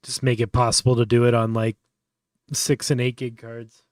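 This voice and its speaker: A man's voice: mid-range voice, level tone, normal speed, a little mellow, no echo. Offhand man thinking aloud, dry sound. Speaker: livestream host. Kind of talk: casual live tutorial commentary.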